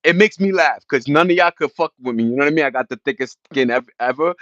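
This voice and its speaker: Casting: New man hosting a casual livestream, lively up-and-down delivery, dry dull lo-fi phone-mic sound. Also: fairly high pitch, brisk, no room sound. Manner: loose and chatty, shouting out viewers, bursts of laughter. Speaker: livestream host.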